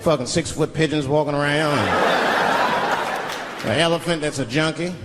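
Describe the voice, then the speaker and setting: A man doing profane, animated stand-up, slipping into voices for his stories, on stage before a live audience. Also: on the high side, fast, heavy background noise. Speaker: comedian. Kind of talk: stand-up comedy. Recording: live hall with loud laughing crowd.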